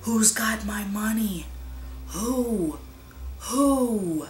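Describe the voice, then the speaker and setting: A woman voicing the wailing ghost of a blind dead woman with high cries that sometimes drop to a hissed whisper. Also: expressive, very slow. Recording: echoey room with music behind.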